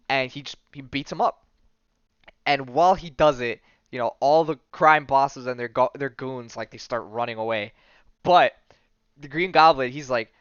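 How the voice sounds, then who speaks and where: A podcast host, retelling a comic story in casual chat and acting out the characters' lines. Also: male voice, medium pitch, steady tone, a little fast, a bit bright, smooth, dry recording, muffled recording. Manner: rambling storyteller, acts out quotes in a loose offhand way.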